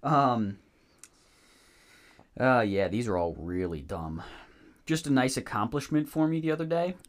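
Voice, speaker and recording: A young man co-hosting a podcast in casual chat, laid-back and quick to laugh, bringing up topics from his notes. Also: medium pitch, very animated. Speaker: podcast co-host.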